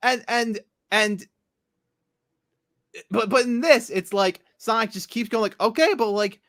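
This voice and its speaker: A man hosting a casual comic chat, rambling, swearing, and retelling scenes in quick quoted voices. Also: high voice, a bit bright, dry recording, studio quality. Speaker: podcast host.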